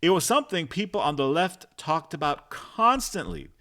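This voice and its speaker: A man's voice: fairly high pitch, lively intonation, normal speed, pushed and bright. A man delivering a political commentary monologue in an emphatic, rhetorical way, punching out lists of points.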